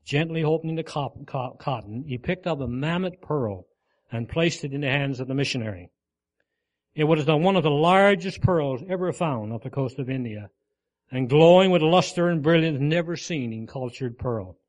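A man narrating a sermon story in an earnest, measured way. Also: on the high side, animated, muffled recording. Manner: earnest, measured, dropping soft at solemn points.

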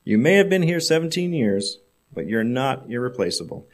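A man's voice: mid-range voice, big pitch swings, moderate pace, lightly acted. A man voicing a proud, hot-tempered male business executive who scolds his staff. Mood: scolding. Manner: indignant, scolding.

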